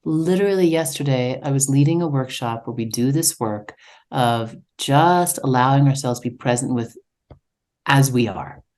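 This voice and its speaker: A woman guest who leads somatic workshops, talking in a soft-spoken, reflective way and often dropping to a whisper. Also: a bass voice. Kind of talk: casual conversation.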